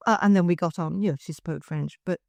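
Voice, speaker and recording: A woman's voice: on the low side, quick pace, creaky, no room sound. An older woman from Scotland with a Scottish accent, chatting as a podcast guest. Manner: chatty, with frequent restarts. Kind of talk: casual chat.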